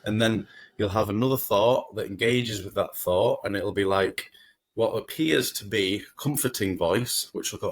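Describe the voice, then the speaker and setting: Low-voiced man, rambling and swearing. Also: moderate pace, dry recording. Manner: rambling, swears freely, acts out inner voices. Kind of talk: casual podcast conversation.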